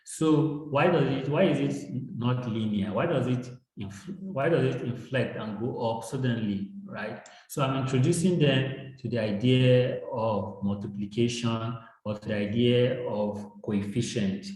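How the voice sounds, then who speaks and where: A man's voice: mid-range voice, a little slow, hardly any pauses, a little mellow. Nigerian man explaining in an echoey room. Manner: explains with examples, frequent tag "right?". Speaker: education guest. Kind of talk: explanatory discussion.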